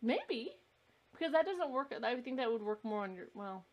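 A woman's voice: on the high side, very animated, normal speed. Blunt, laughing woman podcast co-host. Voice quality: blunt, laughs often, swears freely. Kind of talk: casual chat while watching a movie.

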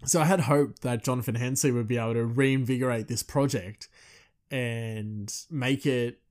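A man chatting casually and rambling as a podcast host, full of fillers and quick laughs. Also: medium pitch, steady tone, darkish tone. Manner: loose and chatty, full of "you know" and "like", laughs often.

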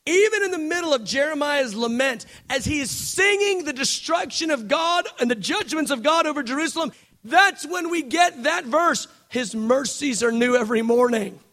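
Very high-voiced passionate male preacher. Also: lively intonation, normal speed. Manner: passionate, swings between hushed and shouting. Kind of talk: sermon.

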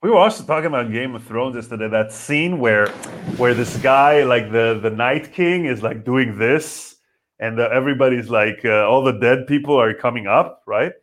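A man's voice: medium pitch, moderate pace. Chatty man in casual talk. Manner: rambling, chatty, full of fillers. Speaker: podcast co-host. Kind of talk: casual chat.

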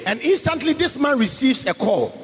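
A man preaching a sermon, in a sing-song voice that swings up to shouts. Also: extremely high pitch, big pitch swings, moderate pace. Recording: hall reverb with faint music.

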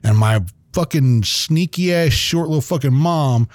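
A man's voice: fairly high pitch, measured pace, no room sound. A man chatting casually and animatedly, swearing freely and acting out quotes. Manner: animated, profane, acts out quotes. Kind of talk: casual chat.

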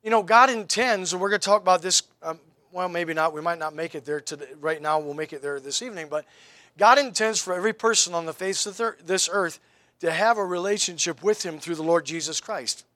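High, bright-voiced preacher man. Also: a little fast, dry recording. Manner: rhetorical questions, wry and emphatic. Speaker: pastor. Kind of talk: sermon.

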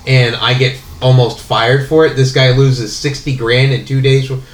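A man's voice: mid-range voice, fairly even intonation, moderate pace, reverberant. A man casually telling a long story about his old job, rambling with many fillers and restarts. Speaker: podcast guest telling a work story.

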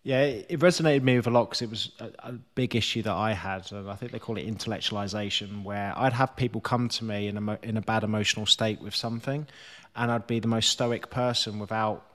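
A man with a somewhat low voice talks as a podcast guest, thoughtful and self-deprecating. He drops casual curses into a relaxed, candid conversation. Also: fast talker.

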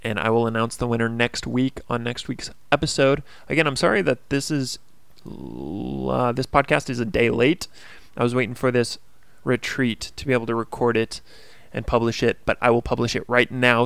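A man rambles through a casual solo podcast, keen and motivational, with a lot of fillers. His voice is smooth with a gravelly edge. He is recorded close to the mic, so the sound is dry. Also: medium pitch, normal speed, a bit bright, dry recording. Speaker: podcast host.

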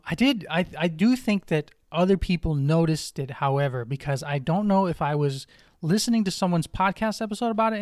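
A man's voice: on the high side, darkish tone, no echo. Rambling young man with a dry close mic. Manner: rambling, many ums and restarts. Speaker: podcast host. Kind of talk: casual wrestling review chat.

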